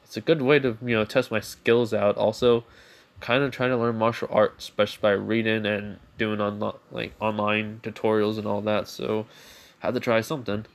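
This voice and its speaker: A man's voice: on the low side, little pitch movement, normal speed, vocal fry. A man improvising a fan story aloud, rambling with many fillers and self-corrections.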